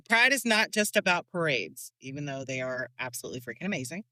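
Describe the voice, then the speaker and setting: A woman hosts a relaxed podcast chat with a bright, forward voice. She tells stories in a lively way, laughs often and swears casually. The sound is close and dry, with no room around her. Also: low-pitched, brisk, no echo. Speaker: podcast host. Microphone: desk microphone.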